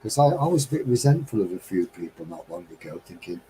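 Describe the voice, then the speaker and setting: Middle-aged english guy on a live stream, lowish mellow voice, rambling and heartfelt. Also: sing-song, quick pace, a little hiss or hum, rough recording. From England. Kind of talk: reflective casual monologue.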